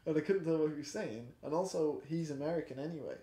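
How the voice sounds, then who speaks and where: A man's voice: fairly high pitch, fast, dark tone. A young man co-hosting a casual film review chat, rambling and hesitant with many ums. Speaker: podcast co-host. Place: home flat. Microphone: camera in a room. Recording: echoey room.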